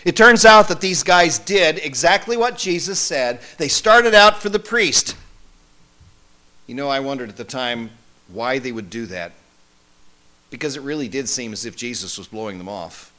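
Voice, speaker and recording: A man playing a male disciple who recalls his travels in a first-person monologue, wry and conversational, with lively swings in emphasis. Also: mid-range voice, moderate pace. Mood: earnest recollection. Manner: conversational, wry, animated storytelling.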